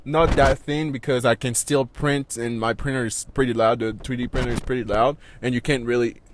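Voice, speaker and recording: A man's voice: mid-range voice, steady tone, brisk, slight background noise. Rambling, laughing man telling a story. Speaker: podcast co-host. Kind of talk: casual storytelling chat.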